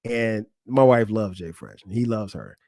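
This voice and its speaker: On his podcast, a host in his forties frankly advises a friend about marriage in a casual monologue full of laughter. His fairly low, slightly mellow voice moves at a normal speed, and the studio-quality audio has no room sound.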